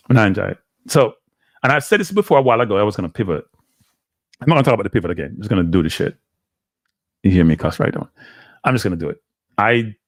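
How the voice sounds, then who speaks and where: A man with a Jamaican accent hosts a live stream and talks to his chat in a loose, rambling way, sounding exasperated and drifting in and out of patois. His voice sits at a middling pitch, and the recording is close and dry. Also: dry recording. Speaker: live show host.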